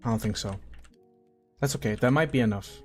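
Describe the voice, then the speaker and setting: A gaming streamer chats loosely with his viewers while playing, rambling in slang-filled talk over soft background music. His voice is mid-range and a little fast.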